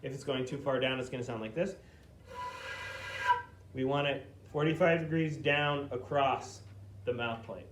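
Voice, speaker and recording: A man's voice: medium pitch, heavy background noise. Patient man teaching flute basics. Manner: patient, explains slowly, checks in with frequent "okay?". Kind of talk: step-by-step instrument lesson.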